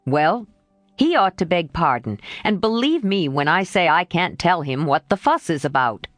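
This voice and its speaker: A woman's voice: lowish voice, sing-song, moderate pace, no room sound, studio quality, soft background music. A woman voicing a proud, sulky teenage boy. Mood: indignant. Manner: indignant, sulky growl.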